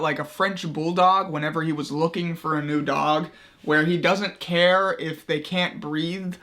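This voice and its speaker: A man's voice: on the high side, steady tone, a little slow, sharp tone, soft background music. A young man hosting comedic video commentary, crude and mocking, profane, often laughing at his own jokes. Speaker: commentary YouTuber.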